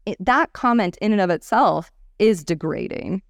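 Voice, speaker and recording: Animated woman founder, dry sound. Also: medium pitch, normal speed, creaky, no room sound. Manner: animated storyteller, acts out quoted people. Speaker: startup founder. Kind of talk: candid interview talk.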